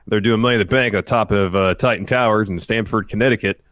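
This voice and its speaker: A man co-hosting a wrestling news podcast in casual chat, often pausing with uh fillers. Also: on the low side, fairly even intonation, a bit bright, no echo, clean studio sound. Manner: hesitant, many uh fillers. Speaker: podcast co-host.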